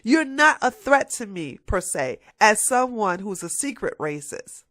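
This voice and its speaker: A woman's voice: mid-range voice, big pitch swings, measured pace, a bit bright, dry recording, studio quality. Emphatic woman ranting on her vlog. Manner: emphatic, mocking, repeats points for emphasis. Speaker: political commentator.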